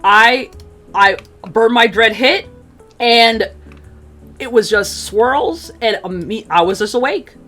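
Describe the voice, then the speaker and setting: A woman chatting casually as she tells a personal story, full of fillers, acting out quotes in an animated way. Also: fairly high pitch, takes it slowly, soft background music. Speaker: streamer telling a personal story.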